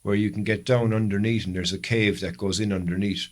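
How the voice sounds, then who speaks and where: Low-voiced Irish man spinning long stories. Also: steady tone, quick pace. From Ireland. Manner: long rambling storytelling with self-corrections. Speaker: podcast co-host. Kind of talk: casual chat.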